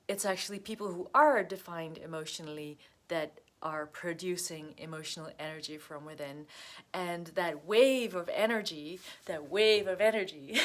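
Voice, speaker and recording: A woman's voice: fairly low pitch, a bit bright. A woman telling a personal story in a casual, rambling way, often laughing and acting out what others said. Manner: rambling, laughs often, acts out quoted voices. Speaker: astrology vlogger.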